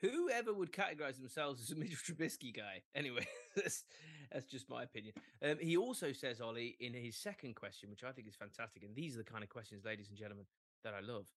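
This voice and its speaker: A man's voice: medium pitch, animated, quick pace, fairly bright tone, no room sound. A man co-hosting a casual football podcast, playful and laughing often as he tells stories and reads listener questions. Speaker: podcast co-host.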